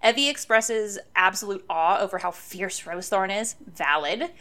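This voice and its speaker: A woman's voice: medium pitch, normal speed, sharp tone. A woman co-hosting a podcast, recapping a book chapter in casual chat, laughing often and enthusiastic. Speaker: podcast co-host.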